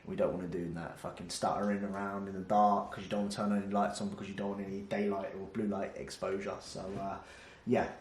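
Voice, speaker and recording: A man's voice: low-pitched, level tone, fast, darkish tone. British male vlogger, cocky and sweary, room-echoey camera sound, faint background noise. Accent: British English. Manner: brash, swearing, joking and boastful. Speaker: fitness vlogger. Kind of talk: casual cooking vlog chat. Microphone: camera microphone. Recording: roomy room echo.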